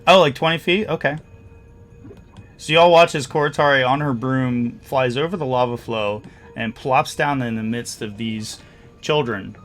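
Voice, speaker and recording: A man's voice: medium pitch, a little slow, a bit bright, faint music behind. A man running a tabletop game as game master, narrating casually with lots of fillers.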